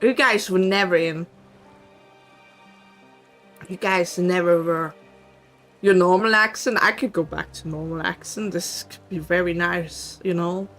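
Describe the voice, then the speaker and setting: A woman's voice: on the low side, unhurried, long pauses, fairly bright tone. A young woman with a light Swiss English accent chatting casually with her viewers during a game stream, playful and teasing. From Switzerland. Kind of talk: casual gaming stream chat. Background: faint background music.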